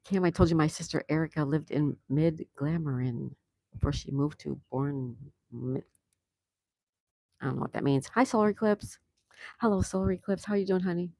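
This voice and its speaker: A woman's voice: low-pitched, moderate pace, vocal fry, mellow, dry recording. A woman hosting a casual live stream, chatting and laughing as she greets viewers and answers their comments. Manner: laughs often. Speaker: livestream host. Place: home in Florida.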